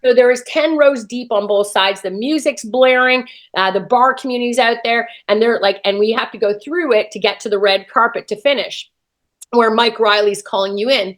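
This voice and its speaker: A woman with a slightly high voice tells a personal story in an interview. She talks with lively feeling and acts out her own past thoughts as she goes. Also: normal speed. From Canada. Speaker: interview guest.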